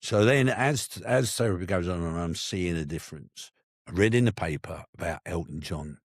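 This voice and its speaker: Man, deep husky voice, animated storyteller, dry close sound. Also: normal speed, no echo. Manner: animated, emphatic, often rising in pitch. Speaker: podcast guest, actor and comedian. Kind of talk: candid personal storytelling.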